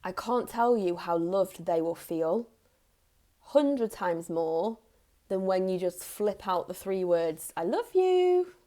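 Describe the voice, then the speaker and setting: A woman in her thirties, a parenting coach, giving earnest advice straight to the camera in a soft tone, repeating key phrases for emphasis. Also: lowish voice, slow pace. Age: 30s. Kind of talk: direct-to-camera advice talk.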